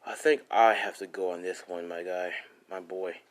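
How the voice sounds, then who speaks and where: Brief: man playing a demon dad, low and quiet, firm with his son. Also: fairly even intonation, normal speed, close to an everyday voice. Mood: stern. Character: stern demon father of a teen son.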